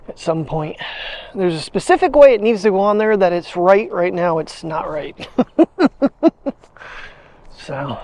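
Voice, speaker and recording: A daily vlogger with a high-pitched, slightly mellow voice walks his dog outdoors, rambling casually, chuckling and talking to the dog. He's recorded on a wireless clip-on mic.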